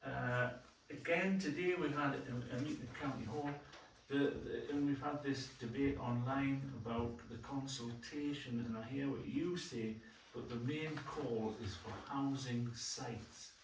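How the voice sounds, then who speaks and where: A plainspoken man delivers a colloquial councillor's report at a council meeting. His voice sits at an ordinary pitch. It rings through a very echoey room from a distant mic, with faint background noise. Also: a little slow, hardly any pauses.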